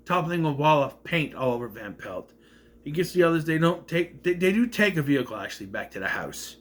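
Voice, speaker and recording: Guy rambling thru a movie recap, lively up and down voice, kinda high. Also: fairly quick. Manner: rambling, self-correcting retelling.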